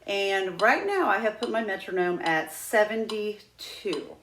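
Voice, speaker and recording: A woman's voice: medium pitch, expressive, a little slow, a bit bright, echoey room, a little hiss or hum. A woman teaching a flute lesson, patient and demonstrative, walking students through each step. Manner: patient, demonstrative, breaks into sung "ha ha" drills. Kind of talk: instructional lesson.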